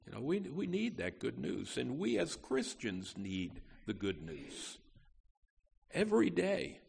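Gravelly-voiced man preaching slowly. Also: wildly swooping pitch, a little hiss or hum. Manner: emphatic preaching with wide swings in pitch and loudness. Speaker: pastor. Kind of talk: sermon.

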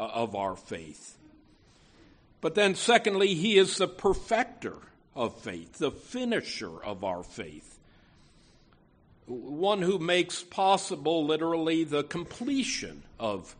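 A man preaching a sermon as pastor, earnest and emphatic, with frequent "you know" asides and repeated words. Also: a little high.

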